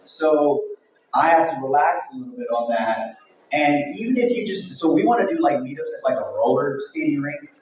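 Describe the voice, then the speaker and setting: A man's voice: fairly high pitch, lively intonation, normal speed, darkish tone, a little hiss or hum. Guy running a convention panel, rambly and jokey, super echoey hall, sounds far from the mic. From Mexico. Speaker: convention organizer. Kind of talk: casual panel talk. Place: event hall.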